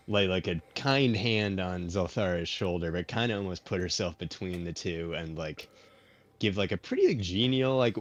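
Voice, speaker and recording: A man playing in a tabletop game, eager and chatty, with many "like" fillers. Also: sits low. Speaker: player. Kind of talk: casual tabletop play.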